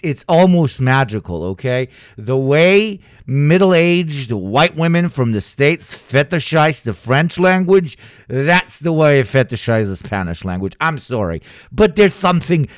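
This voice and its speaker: A young adult male streamer chatting casually with his viewers, swearing freely and swinging from exaggerated outbursts to low mutters. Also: lively intonation, unhurried, dry recording, studio quality. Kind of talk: casual live stream chat.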